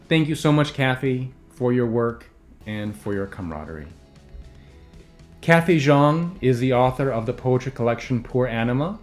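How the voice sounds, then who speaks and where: A man from a poetry organization giving a calm, measured, formal introduction of a poet. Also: mid-range voice. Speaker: event host introducing a poet. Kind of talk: scripted introduction.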